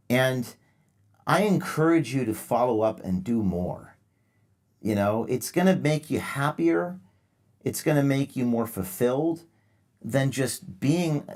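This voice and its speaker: Male call-in host, sarcastic mock-earnest lecturing tone, mid pitch. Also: darkish tone. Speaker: show host taking calls. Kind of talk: live call-in show.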